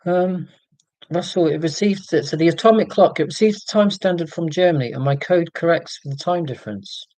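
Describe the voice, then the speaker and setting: A man's voice: fairly high pitch, a little fast, darkish tone, no echo. A man from Scotland hosting a casual livestream, chatting to viewers in a rambling way with many ums and restarts. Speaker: livestream host.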